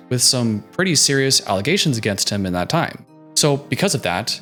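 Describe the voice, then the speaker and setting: A man's voice: medium pitch, fairly bright tone. Sassy man recapping a reality show. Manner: sassy, joking asides with mock voices. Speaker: reaction commentator. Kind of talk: casual recap commentary.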